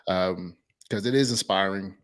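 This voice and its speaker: Excitable low-voiced male podcast host. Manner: enthusiastic, halting with fillers and restarts. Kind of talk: casual interview.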